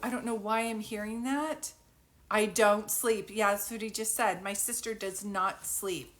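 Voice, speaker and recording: Steady and measured, a woman's mid-range, slightly bright voice carries a live psychic reading over the phone. She still rambles casually, thinks aloud, and frequently breaks into giggles.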